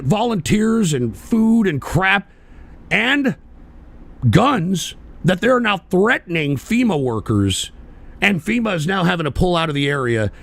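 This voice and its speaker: A man hosting a political talk radio show, ranting angrily and profanely at the listeners, sometimes shouting. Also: high voice, creaky. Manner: mocking voices of people he derides.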